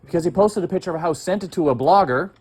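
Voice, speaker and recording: A man's voice: high-pitched, very fast, breathy edge. An agitated man ranting in heated, profane, rambling conversation as he makes a complaint. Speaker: complaining citizen.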